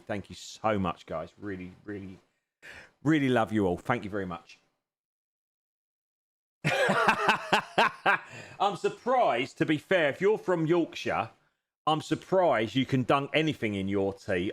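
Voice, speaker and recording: A man live-streaming a racing game from his home rig, trading jokey, teasing banter with his viewers. His voice sits at an everyday middle pitch. He talks loosely and warmly to the chat between races.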